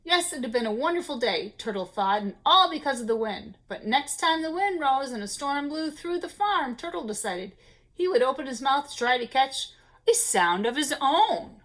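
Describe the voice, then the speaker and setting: Expressive woman reading a children's story. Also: sits high, moderate pace. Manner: expressive, playful. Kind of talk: children's storybook read-aloud.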